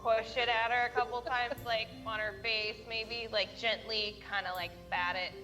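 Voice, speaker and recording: A woman's voice: a little high, flat delivery, normal speed, sharp tone, soft background music. A woman playing a tabletop game, chattily describing what her character does, full of "like" and "kinda". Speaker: player. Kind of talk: casual tabletop role-play.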